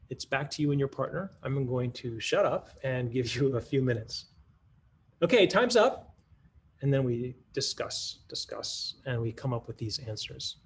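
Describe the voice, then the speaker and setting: A man walks through a math lesson the way he would teach it in class, asking questions and working through ideas out loud. His pitch sits in an ordinary middle range. A faint hiss of noise runs under the recording. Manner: teacherly, thinks aloud with restarts and rhetorical questions. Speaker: math curriculum presenter. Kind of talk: conference talk modeling a classroom lesson.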